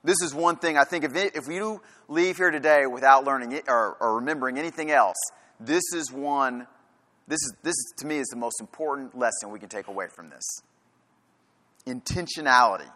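A man's voice: medium pitch, a little fast, sharp tone. A man preaching a sermon in a church, firing rhetorical questions and hammering his points home through repetition. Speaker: pastor. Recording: long reverb of a large hall.

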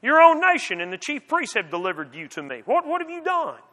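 A Roman governor, a man, firing off incredulous, pressing questions in a bright, high voice, as a male reader puts him on. His pitch leaps about, and a long reverb trails each line. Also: wildly swooping pitch, fairly quick, exaggerated voice. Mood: questioning.

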